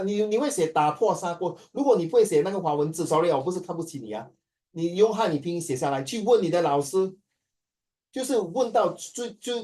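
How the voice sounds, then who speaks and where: A Singaporean man teaching a class, animated and switching between languages as he acts out stories. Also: high voice, far from the mic. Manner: animated, code-switching, acting out quoted dialogue. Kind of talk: classroom talk to students.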